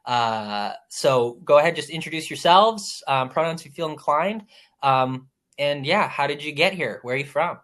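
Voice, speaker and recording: A man's voice: fairly high pitch, animated, moderate pace, fairly bright tone. A man moderating a roundtable discussion with playwrights, speaking casually with frequent ums and restarts. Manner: hesitant, many ums and restarts.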